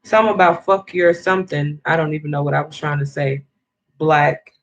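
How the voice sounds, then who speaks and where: A woman's voice: low voice, steady tone, fairly quick, low-quality recording. A woman in an angry, profane rant to camera, swearing heavily and rambling with restarts as she vents. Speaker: vlogger.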